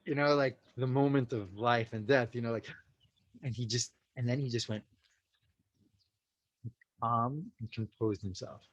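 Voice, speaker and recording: Animated American man telling a story. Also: medium pitch, normal speed, pauses often, slightly rough, no room sound, dull audio. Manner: animated storyteller who acts out quotes; peppers speech with "like" and "you know". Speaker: podcast guest. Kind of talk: casual storytelling.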